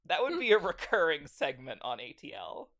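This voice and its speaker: A young adult woman co-hosting a comedic podcast, ranting in an animated, incredulous way. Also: low-pitched, normal speed. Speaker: podcast co-host. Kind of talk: comedic book-reading podcast.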